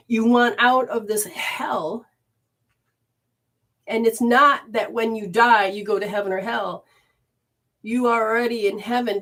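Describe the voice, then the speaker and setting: Expressive woman teaching spirituality at home. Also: on the high side. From Michigan, USA. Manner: expressive, reads viewer comments aloud warmly. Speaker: spiritual teacher hosting a livestream. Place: living room.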